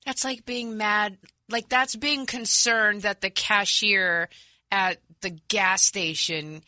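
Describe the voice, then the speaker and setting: A woman co-hosting a political talk radio show, making quick, sarcastic, dismissive remarks. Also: mid-range voice, fairly even intonation, sharp tone, dry recording. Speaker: radio co-host.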